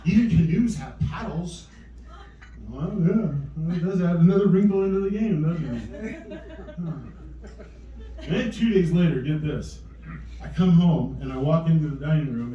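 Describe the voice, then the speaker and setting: Stand-up comedian, middle-aged man, dry rambling delivery, mellow tone, echoey distant recording. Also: on the high side, highs cut off. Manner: dry, rambling storytelling with acted quotes. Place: small comedy venue with live audience. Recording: echoey room mic from far off.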